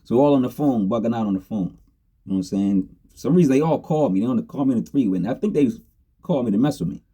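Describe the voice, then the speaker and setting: A man's voice: medium pitch, animated, quick pace, warm tone, breathy edge. A middle-aged man casually telling a story from his younger days, laid-back and slangy, laughing often. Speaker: storyteller host.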